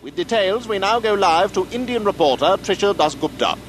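An actor playing a pompous British male TV news anchor with crisp announcer delivery. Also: sits high, animated, moderate pace. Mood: announcing. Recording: clip with noisy background.

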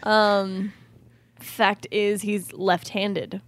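A woman's voice: mid-range voice, little pitch movement, very slow. A young woman chatting as a podcast guest, giggly and hesitant with many fillers. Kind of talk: casual podcast banter.

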